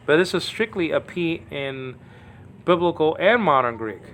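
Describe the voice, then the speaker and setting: A man's voice: a little high, lively intonation, normal speed, a bit bright, a little hiss or hum. A man teaching Greek letters at home in a casual, rambling way, often checking in with "okay?". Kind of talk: informal home video lesson.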